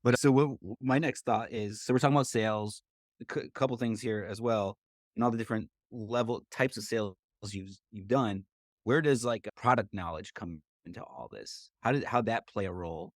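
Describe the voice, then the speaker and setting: A man with a lowish voice hosts a podcast and puts questions to his guest in an easy, conversational tone. His voice sounds dry and close to the mic. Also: normal speed, no room sound. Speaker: podcast host. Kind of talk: casual interview chat.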